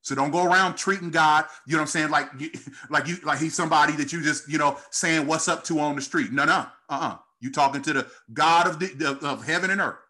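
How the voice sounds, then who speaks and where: Preacher guy, bright ringing voice, a bit high, call and response, gets fired up. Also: fairly quick. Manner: call-and-response preaching, rising in pitch and intensity. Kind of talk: sermon.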